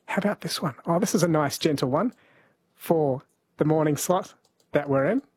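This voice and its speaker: A man's voice: a little high, normal speed, noisy background. A man hosting overnight radio, easygoing and teasing in casual chat. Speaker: radio host.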